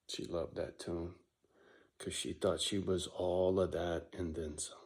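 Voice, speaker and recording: A man's voice: sits low, level tone, unhurried, creaky, a little mellow. A man talking straight to camera in a casual, emotional monologue, blunt and profane, and he keeps checking in with "right?". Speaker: vlogger running a dog rescue.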